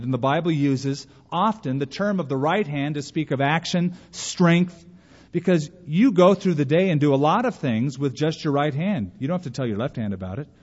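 A man's voice: on the high side, a little mellow. A man preaching a sermon in a folksy manner, acting out the voices of the people he quotes. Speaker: pastor. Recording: dull, long church reverb.

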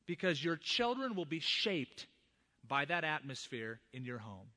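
Earnest preaching pastor, bright man's voice. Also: fairly high pitch, big pitch swings, unhurried. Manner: earnest, directly addresses fathers in the congregation. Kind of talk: sermon.

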